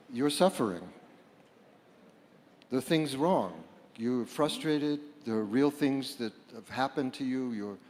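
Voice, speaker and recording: A man giving a reflective public talk to a live audience, halting and repeating words, at times rising to loud bursts. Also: mid-range voice. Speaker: speaker at a book fair panel. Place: large hall before a live audience. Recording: long hall reverb.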